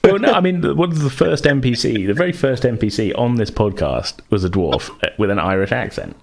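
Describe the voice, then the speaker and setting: A man co-hosting a casual worldbuilding podcast, explaining ideas haltingly with frequent restarts. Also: medium pitch, lively intonation, vocal fry. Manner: hesitant, many restarts and fillers, laughs easily. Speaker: podcast co-host.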